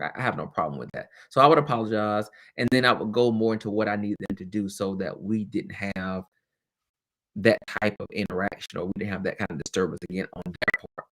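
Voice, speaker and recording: Casting note: man, middle-aged, low-pitched, candid webcast host with chatty asides. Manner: candid, lively, laughs often, chatty asides. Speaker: host and former teacher. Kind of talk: casual webcast talk.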